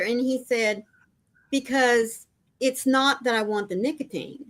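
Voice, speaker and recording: Woman co-host, affectionate chatty storyteller, slightly high pitch. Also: measured pace. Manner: warm, affectionate greetings to viewers, storytelling. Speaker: livestream co-host. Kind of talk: casual live chat.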